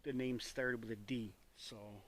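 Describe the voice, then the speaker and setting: A man's voice: medium pitch, fairly even intonation, a little slow, a bit bright, slight background noise. A man narrating his own paranormal investigation outdoors in the woods. He talks in a nervous, rambling way, stumbling and circling back over details. His voice is recorded on a handheld microphone out in the open. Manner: nervous, rambling, self-correcting. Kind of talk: solo outdoor vlog narration. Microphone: microphone with a phone beside it.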